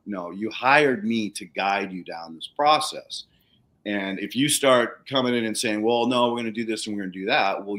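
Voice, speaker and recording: A man's voice: on the low side, a bit bright. A man co-hosting a casual livestream conversation, talking candidly and ramblingly with casual swearing. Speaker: podcast co-host.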